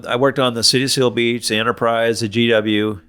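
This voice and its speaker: An older man with a medium-pitched, even voice answers questions in a relaxed interview. He is a fishing boat captain who recalls the past plainly and easily, with the odd filler. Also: a little fast, clean tone. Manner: plain, easygoing recollection with fillers. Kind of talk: casual interview chat.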